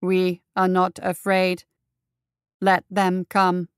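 A woman voicing a huge male war construct, speaking in a slow, grinding, metallic monotone. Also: fairly low pitch, clear, resonant tone, dry recording, studio quality. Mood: cold, flat. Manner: grinds out each word slowly.

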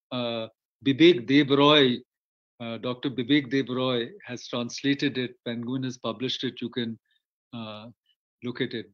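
A man with an Indian English accent giving a storytelling lecture in a rambling way, with many fillers and restarts. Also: mid-range voice. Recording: muffled lo-fi audio.

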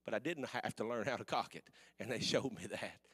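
A man with a Missouri accent preaching a sermon in folksy rural speech, swinging from quiet storytelling to shouted preaching. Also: on the low side, lively intonation, fairly quick, husky, in a large hall.

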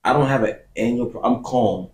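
A man on a casual podcast, telling his side with animated stories and plenty of swearing. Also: medium pitch, fairly quick, roomy sound, slight background noise. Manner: animated storytelling, swears freely.

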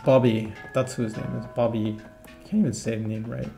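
A man's voice: medium pitch, flat delivery, quick pace, gravelly. A man giving casual, rambling let's-play commentary as a gaming channel host, chatting and laughing at his own jokes. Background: game music.

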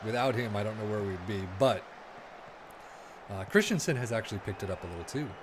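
A young man giving casual, excitable commentary over a football management game, muttering asides and then yelping at near misses. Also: on the low side, fairly quick, slight background noise. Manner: excitable, swings from mumbling asides to sudden yelps. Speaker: gaming video creator.

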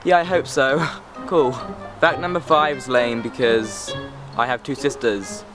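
A man's voice: medium pitch, fairly even intonation, unhurried, over music. A teenage boy from England, chatting to camera outdoors in a sarcastic, rambling, easily distracted way. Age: teens. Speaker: vlogger. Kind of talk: casual chat to camera.

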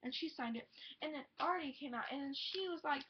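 A teenage girl telling a rambling, excited storytime vlog, gushing and full of "like" and "oh my god". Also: high-pitched, fairly quick, slight background noise. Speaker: vlogger. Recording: dull lo-fi home video audio.

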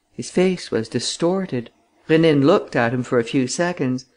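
Male audiobook narrator, steady and even, slightly high voice. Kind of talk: scripted narration.

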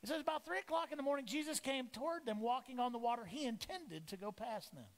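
Pastor guy preaching, pretty high voice, acts out bible characters, big church reverb. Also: fast. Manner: animated, acts out voices of the disciples and Jesus. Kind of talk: lively sermon. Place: church sanctuary. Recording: echoey church hall.

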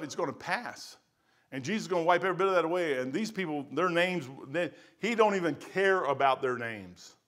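A middle-aged man preaching a sermon as pastor in a church, swinging from quiet musing to loud fervent testimony. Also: mid-range voice. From United States. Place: church sanctuary.

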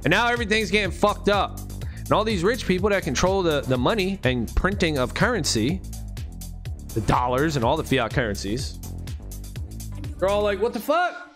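A man's voice: on the high side, lively intonation, moderate pace, a bit bright, faint music behind. A man in a casual ranting monologue, speaking with heavy profanity, slang and emphasis. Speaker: vlogger.

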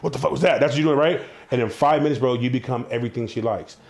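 A young man telling wild stories in a casual interview, animated, slangy and full of swearing. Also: medium pitch, very fast, creaky. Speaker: interview guest, entrepreneur.

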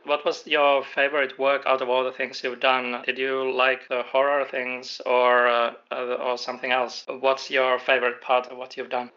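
Male podcast host, flat delivery, bright tone, muffled audio. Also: medium pitch, normal speed, hardly any pauses. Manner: even, curious questioning. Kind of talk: interview questions.

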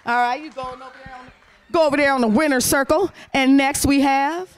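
A woman hosts a youth talent show, her voice sitting high. She is animated and cheering, calling names out loud as she waves each child up to collect an award. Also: brisk, no room sound. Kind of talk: lively emcee handing out awards. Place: congregation hall.

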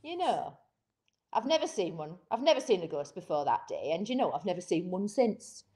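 A woman putting on the voice of a plain-spoken Yorkshire workman telling of a ghost, slow and earnest. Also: fairly low pitch, very animated, warm tone, voice pushed down. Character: plain-spoken working man recalling a ghost.

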